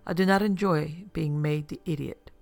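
A man doing Bellini, a gravelly, solemn mystic. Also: fairly high pitch, steady tone. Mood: cold. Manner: grave, measured, formal speech. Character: solemn middle-aged male mystic, proud and easily offended.

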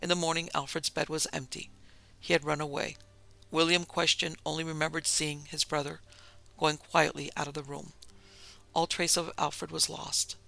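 Brief: man reading a Victorian memoir tale, measured, raspy-gravelly, slightly high. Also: little pitch movement, bright, forceful tone. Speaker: narrator and producer. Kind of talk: storybook narration of a memoir tale.

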